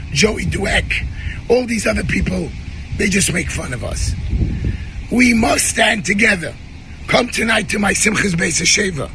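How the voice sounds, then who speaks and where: A hoarse man giving a fiery, defiant rallying speech and shouting slogans to his community. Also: high voice, a little hiss or hum. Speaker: activist addressing his community.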